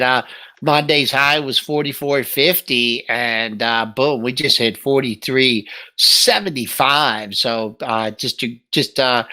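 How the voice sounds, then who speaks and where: A man's voice: medium pitch, pushed and bright. A man co-hosting a stock trading show in casual, joking chat, often laughing and restarting phrases.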